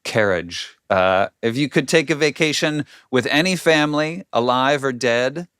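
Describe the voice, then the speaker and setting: Smooth-voiced male podcast host. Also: medium pitch, expressive, measured pace, a bit bright, no room sound, studio quality. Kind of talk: casual podcast chat.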